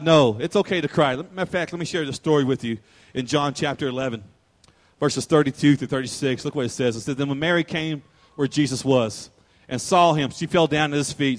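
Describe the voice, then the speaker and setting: A man preaching a sermon as pastor, emotional and rising to fervent preaching. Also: fairly high pitch.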